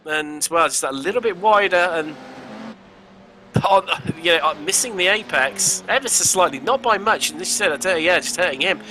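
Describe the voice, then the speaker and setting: A man with a West Country accent commentating on an online race, jokey and excitable, often stumbling over words and correcting himself. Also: sits high, normal speed, slight background noise. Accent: West Country English. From England. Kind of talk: sim racing commentary.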